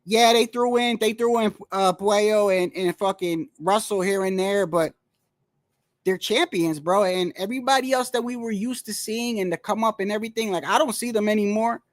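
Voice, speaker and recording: A man's voice: high voice, normal speed, no room sound, clean studio sound. A man talking casually about boxing in a rambling, slangy, profane way. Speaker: boxing commentator. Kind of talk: casual solo boxing talk.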